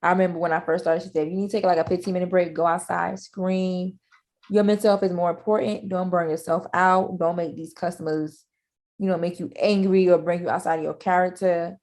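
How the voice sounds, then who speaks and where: A woman's voice: fairly low pitch, little pitch movement, a little fast, darkish tone. A woman hosting a podcast in casual chat, easygoing and conversational. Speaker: podcast host.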